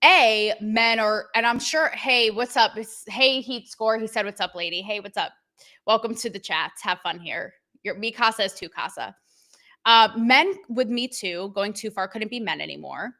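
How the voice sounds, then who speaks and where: A woman's voice: medium pitch, creaky, pushed and bright. A woman hosting a livestream show, talking bluntly and sarcastically to her chat. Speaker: show host.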